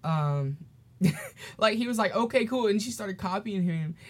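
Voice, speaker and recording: A man's voice: high-pitched, slow pace. A teenage boy talks casually on his solo podcast. His storytelling rambles, full of "um"s and restarts, and he sometimes acts out the people in his story. His tone is loose and chatty. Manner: rambling and animated, with many fillers and restarts. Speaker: podcast host.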